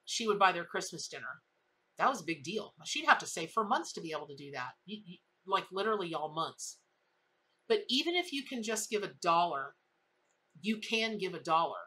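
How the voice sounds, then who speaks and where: A woman's voice: on the low side, sing-song, brisk, bright, forceful tone. A woman tarot reader telling a story in a casual reading, emphatic and full of repetition.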